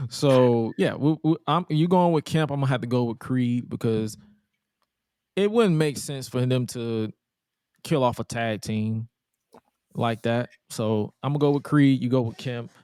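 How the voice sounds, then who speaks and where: A man's voice: mid-range voice, takes it slowly, pauses often, warm tone, smooth, dry recording, studio quality. A young man co-hosting a wrestling podcast in loose casual chat, slangy and given to repeating himself. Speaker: podcast co-host.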